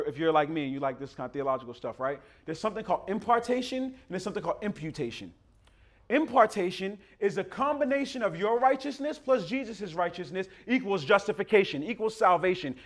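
Animated, high-voiced male preacher. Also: fairly quick. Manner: emphatic, conversational, addresses listeners as beloved. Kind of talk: sermon.

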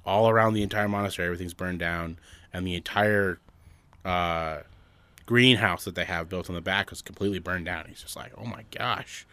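A man's voice: low voice, a little fast, bright, forceful tone, clean tone, no room sound. A man telling long shaggy-dog pun stories in casual chat, rambling and restarting often. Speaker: joke teller.

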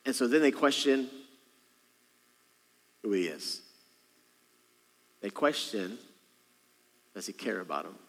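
A man's voice: lowish voice, very animated, slow, pauses often. A man preaching a sermon as pastor, talking conversationally to the congregation with rhetorical questions and jokes. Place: church sanctuary. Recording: long reverb of a large hall.

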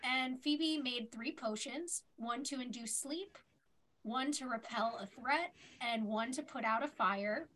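A woman's voice: a little high, measured pace, fairly bright tone. A woman co-hosting a rewatch podcast in casual chat, laughing and saying "like" often. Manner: chatty, laughs, says "like" often. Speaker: podcast co-host. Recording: noisy background hiss.

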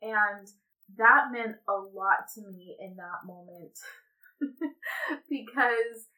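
A woman with a bright, clear voice hosts her own podcast in an easygoing solo chat. She speaks candidly and often breaks into a light laugh, like she is talking with friends. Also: a little high, extremely slow, low-quality recording. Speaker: podcast host.

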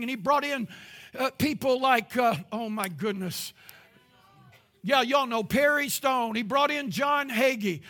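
A man, preaching a sermon as pastor with impassioned rises into shouting. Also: very high-pitched, unhurried.

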